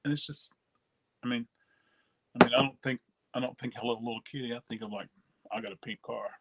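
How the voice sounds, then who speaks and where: A man hosting a record-selling live stream, chatting casually and answering viewer comments, relaxed and rambling with many fillers. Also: mid-range voice, a little fast.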